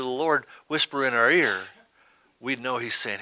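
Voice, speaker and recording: A man's voice: mid-range voice, expressive, normal speed, pushed and bright, no room sound. A man preaching a sermon as pastor, talking in a conversational way and often asking "right?".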